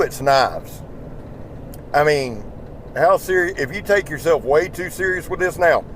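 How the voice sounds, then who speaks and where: With a fairly high-pitched voice, a tired YouTube knife channel host speaking in a Southern accent chats casually while driving his pickup. He rambles folksily and swears freely in this driving vlog, captured on a small in-truck mic with slight background noise.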